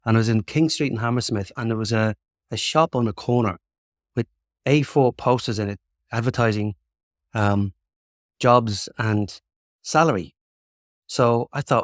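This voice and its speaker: An Irish man in his fifties talks as a guest, telling stories in a loose, chatty way full of ums and restarts. His voice sits at a middling pitch. The sound is close and dry, with no room echo. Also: moderate pace, long pauses. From Ireland. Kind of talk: casual interview chat.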